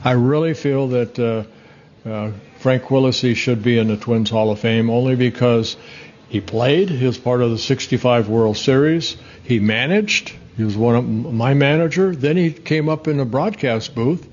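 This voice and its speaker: A man's voice: medium pitch, normal speed, a little mellow, slight background noise. Older male guest, rambling anecdotal storyteller, chuckles, slightly muffled audio. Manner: rambling, self-correcting, chuckles at his own stories. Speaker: former pitcher and guest. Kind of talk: casual interview storytelling.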